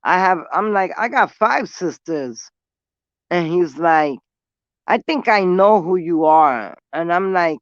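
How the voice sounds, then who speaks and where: A vlogger from New York City, smoking as she talks, tells a casual story in blunt, profane street talk. Her voice sits low, and the recording is lo-fi with no room sound.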